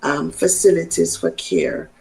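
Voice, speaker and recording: A woman physician from Jamaica, giving health advice in a measured, halting way. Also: sits low, sing-song, gravelly, mellow, low-quality recording. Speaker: physician guest.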